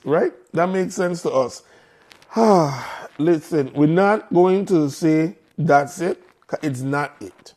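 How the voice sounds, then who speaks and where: A man's voice: fairly high pitch, takes it slowly, a little mellow. A man with a Virgin Islands accent hosting a live morning show, chatting casually and repeating phrases in local slang.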